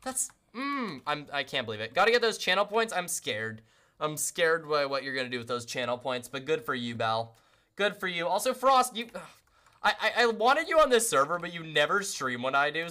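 Bright and forceful at a medium pitch, this streamer plays a game while chatting nonstop with viewers. The talk is casual and self-deprecating, full of repeated welcomes.

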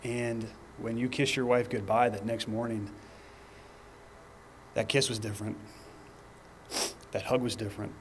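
Earnest man, flat voice, light room noise. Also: medium pitch. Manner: earnest, personal storytelling with pauses and restarts. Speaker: fire department lieutenant presenter. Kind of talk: training presentation.

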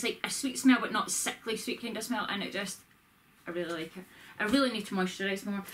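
A woman's voice: fairly high pitch, background noise. Chatty woman rambling through a shopping haul. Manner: chatty, rambling, self-deprecating. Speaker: vlogger. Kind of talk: casual haul vlog. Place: bedroom at home. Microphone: camera with ring light.

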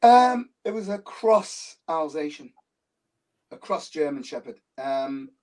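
A Liverpool man, a guest in a casual interview, speaks at a slow pace in a fairly high, animated, slightly mellow voice. He tells his stories with animation and repeats phrases for emphasis. He sounds distant from the microphone.

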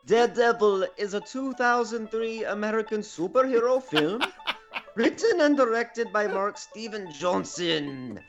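A man's voice: high-pitched, animated, unhurried, highs cut off, faint music behind, voice pushed up. A man voicing a stats reader in a wandering mock Greek accent that drifts across Europe. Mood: hammy. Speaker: guest.

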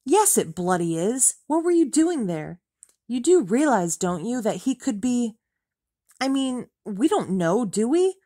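A woman's voice: fairly high pitch, sing-song, a little slow, warm tone, no echo, clean studio sound, pitched above the performer's own voice. A woman reading an audiobook, voicing an angry, exasperated man who snaps at his ex-wife. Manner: furious, exasperated, snapping.

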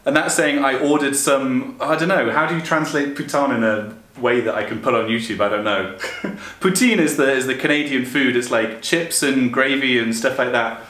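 A man's voice: medium pitch, a bit bright, echoey room. A young man chatting casually, reading out stories and often breaking into laughter at them. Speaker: vlogger.

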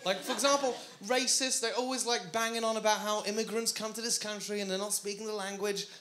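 A man's voice: sits high, fairly even intonation, a little fast, fairly bright tone. A man from Belgium doing stand-up comedy in a rambling, conversational, self-mocking way.

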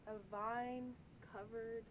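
A young woman giving a playful, hushed tour of a holiday villa to a phone camera. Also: on the high side, flat delivery, slow, dull audio, background noise. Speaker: friend on tour. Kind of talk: casual house tour.

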